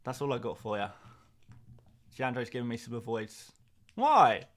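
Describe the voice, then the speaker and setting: With a mid-range voice, fairly even intonation, and normal speed, a young man streams live about fantasy football over a slight hiss or hum. He chats away, reading viewers' comments with self-mocking rambles, repeated words, and restarts.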